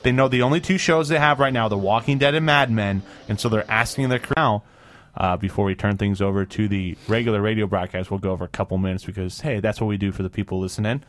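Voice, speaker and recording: A man co-hosting a casual radio talk show, ranting in an animated way and leaping up in pitch when he mocks what people say. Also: fast, dry recording. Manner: animated, ranting, jumps up in pitch for mock quotes. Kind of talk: casual banter.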